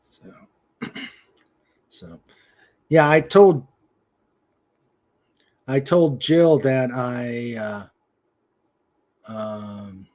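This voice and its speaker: A man's voice: mid-range voice, lively intonation, a little mellow. A man with a New England accent hosting a casual web show, telling jokes and laughing often. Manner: joking, unhurried, laughs often. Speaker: host.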